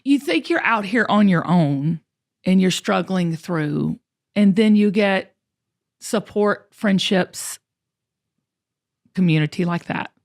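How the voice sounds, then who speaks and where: A woman's voice: mid-range voice, animated, slow pace, pauses often. A woman host, talking earnestly and encouragingly on her show. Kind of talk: podcast conversation.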